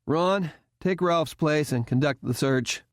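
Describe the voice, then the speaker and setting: A man's voice: fairly high pitch, slow pace, no echo, studio quality, pitched above the performer's own voice. A man voicing a confident male cadet leader who speaks steadily and reassuringly. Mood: firm.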